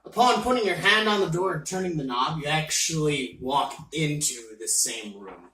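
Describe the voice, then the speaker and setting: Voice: medium pitch, expressive, moderate pace, bright, forceful tone. A game master narrating a tabletop game in a playful, laughing manner, recorded in a roomy space from a distant mic with faint noise.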